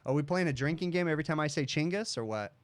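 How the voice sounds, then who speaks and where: A man's voice: fairly high pitch, expressive, fast, no echo. Chatty man telling a rambling story. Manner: rambling storyteller, says "okay?" often. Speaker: livestream host, HVAC technician. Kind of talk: casual livestream chat.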